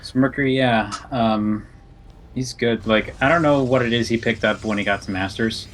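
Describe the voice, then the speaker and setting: A man casting a video game match in a relaxed, rambling, chatty way. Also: mid-range voice, normal speed, slight background noise. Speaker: esports caster. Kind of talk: casual game commentary.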